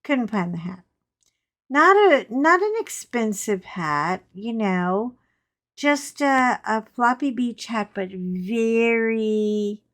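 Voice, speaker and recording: A woman chats while she crafts, spinning lively, frank anecdotes for her viewers. She talks slowly and takes her time, at a middle pitch. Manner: chatty, animated storyteller with frank asides. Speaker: crafting channel host. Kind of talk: casual storytelling chat while crafting.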